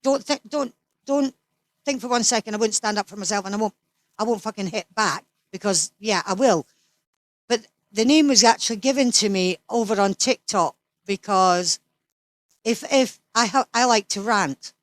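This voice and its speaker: A woman's voice: medium pitch, normal speed, no room sound. A Scottish woman in her sixties, an interview guest who talks bluntly and swears freely, as if ranting in casual chat. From Scotland.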